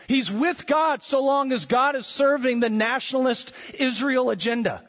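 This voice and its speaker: High-voiced preacher in a reverberant hall. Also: male voice, animated, fairly bright tone. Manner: earnest preaching with slow emphatic phrases and dramatic pauses. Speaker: pastor. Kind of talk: sermon.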